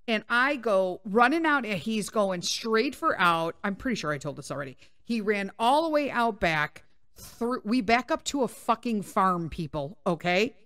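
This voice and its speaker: A woman podcast host telling a story in casual chat, animated and full of swearing. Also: on the high side, no room sound, clean studio sound. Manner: profane, animated, laughing.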